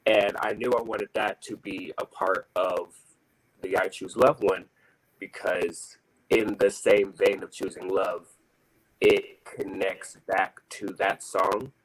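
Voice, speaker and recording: A man with a very low voice talks over a video call about his choir's creative process. He is thoughtful and halting, pausing often to find his words. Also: steady tone, rough recording. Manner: thoughtful, halting, many fillers. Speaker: choir singer. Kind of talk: casual reflective explanation.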